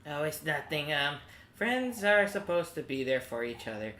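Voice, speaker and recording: A man's voice: fairly high pitch, very animated, moderate pace, sharp tone, a little hiss or hum. A man voicing a friendly, eager young boy character, speaking earnestly with small hesitations, in an echoey room.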